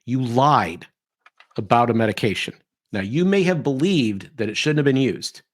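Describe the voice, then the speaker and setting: On his podcast, a middle-aged man shares strong opinions in an animated, scoffing tone, now and then imitating other people. His voice is medium in pitch and his pace moderate.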